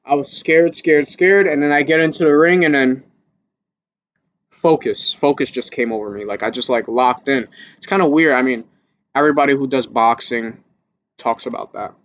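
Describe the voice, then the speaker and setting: An amateur boxer telling a candid, casual story to camera, swearing freely and getting higher and louder when he relives his panic. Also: steady tone, normal speed.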